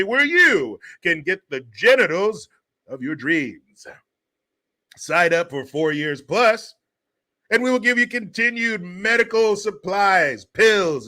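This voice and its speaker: A man voicing a mocking male military recruitment ad announcer with an exaggerated sales pitch. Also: pushed and bright, heavily acted.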